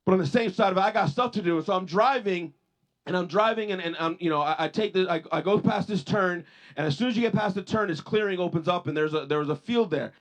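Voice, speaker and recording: A male pastor preaching a sermon, telling personal stories with many repeated restarts and rising emphasis on his points. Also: fast talker. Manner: rises in pitch and force on points of emphasis.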